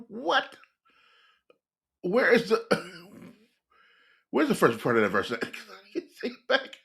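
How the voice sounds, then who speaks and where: A man reacts to a song for his viewers, excitable and quick to laugh. His voice sits a little high for a man. He talks casually and directly to the camera. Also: gravelly. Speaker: music reaction host.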